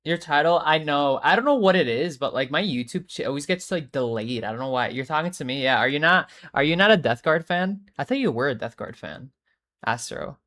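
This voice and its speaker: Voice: medium pitch, animated, brisk, a bit bright. Tired, rambling, swearing young streamer. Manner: rambling, swears a lot, restarts sentences. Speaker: live streamer reading chat. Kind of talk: casual live-stream chat.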